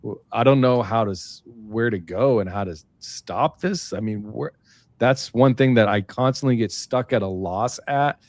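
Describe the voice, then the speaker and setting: A man co-hosting a casual political talk, earnest and halting, often restarting his sentences. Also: lowish voice, a little mellow, dry recording.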